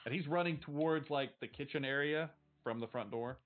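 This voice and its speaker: A man narrating as game master of a tabletop game, relaxed and rambling. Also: fairly high pitch, a little fast, phone-quality sound.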